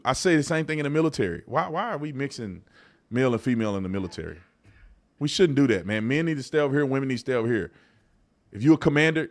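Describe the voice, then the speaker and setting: A man hosting a live-streamed talk show in a casual, colloquial way, swinging from loud outbursts to low mutters and often repeating himself. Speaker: host.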